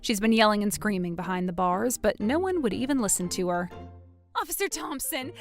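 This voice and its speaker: Over soft background music, a woman with a mid-range, expressive voice briskly acts out a dramatic tale. She voices each of the characters on her own, switching from one to the next.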